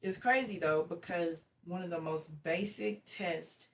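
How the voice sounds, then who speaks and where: A woman guest in an interview telling a personal story in a lively, casual way, acting out the dialogue she recounts. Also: fairly low pitch, measured pace. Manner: lively storyteller who acts out quoted dialogue. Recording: distant mic with faint background noise.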